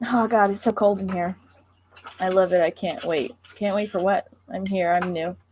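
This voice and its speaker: A woman's voice: medium pitch, steady tone, moderate pace, a little mellow, a little hiss or hum. A young woman filling in on a casual livestream, chatting in a playful, teasing way. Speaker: streamer's girlfriend.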